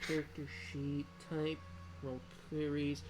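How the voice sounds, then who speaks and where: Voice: medium pitch, monotone, slow, noisy background. A game master casually narrating a tabletop game, easygoing and rambling, thinking aloud as the scene runs.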